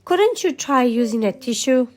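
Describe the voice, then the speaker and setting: A woman voicing a grumpy, hot-tempered male dwarf who shouts and grumbles in a storybook. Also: sits high, very animated, moderate pace. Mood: calmer.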